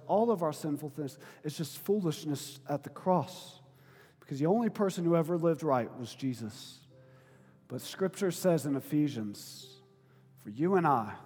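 A man with a high voice delivers a sermon in a big church hall, where a long reverb trails after his words. He preaches in a conversational, informal way, moving between quiet reflection and loud, emphatic appeals. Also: breathy edge. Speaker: pastor.

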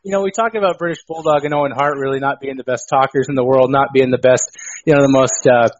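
A man co-hosting a casual podcast chat, animated and excitable, on a dull lo-fi recording. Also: medium pitch, fast talker, a little hiss or hum. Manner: animated, excitable, mimics people for laughs. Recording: dull lo-fi dry sound.

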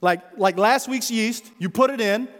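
A man's voice: sits high, a little slow, a bit bright, in a large hall. A man preaching a sermon in a conversational way, calling his listeners friends. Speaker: pastor.

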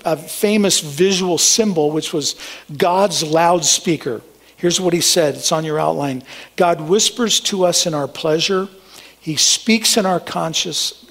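High-voiced man preaching a sermon. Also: creaky, a bit bright. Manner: earnest preaching, reads scripture aloud, refers listeners to an outline. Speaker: pastor.

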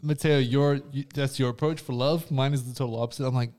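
A male co-host jokes around in an easygoing podcast chat. He laughs a lot, mumbles, and lets his voice sink down quietly. His pitch is middling for a man. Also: fairly even intonation, fast, hardly any pauses. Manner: mumbling, laughs often, drops low.

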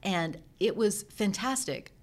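A woman's voice: medium pitch, slow. A middle-aged woman, a guest on an interview show, telling her business story casually and acting out the conversations she remembers. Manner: lively storyteller who acts out remembered dialogue. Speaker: guest, professional organizer turned entrepreneur.

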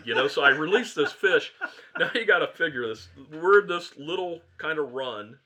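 A man's voice: a little high, expressive, normal speed, sharp tone. A man who owns a fly shop, a podcast guest telling a long fishing story in a rambling way, often correcting himself.

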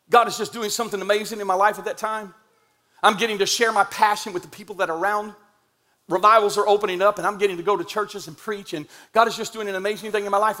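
A middle-aged man preaching a sermon, telling a story from his own life in an animated, humorous and emphatic way. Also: high-pitched.

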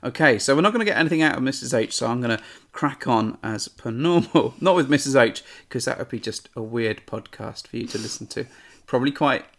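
A man's voice: medium pitch, expressive, fairly quick, a bit bright. Joking, rambling podcast co-host man. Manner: rambling, joking, self-mocking. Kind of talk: casual chat.

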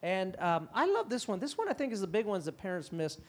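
A middle-aged man speaking at a parenting conference, lively and conversational, often slipping into quick impressions of parents and kids. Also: high voice. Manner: animated, acts out parents and kids in quick quoted voices. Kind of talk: conference talk.

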